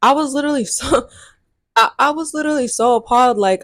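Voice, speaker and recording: A young adult woman telling a dating story to camera in a sassy, animated way, laughing often and swearing freely. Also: a little high, fast, dry recording, studio quality. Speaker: vlogger. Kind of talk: casual storytime chat.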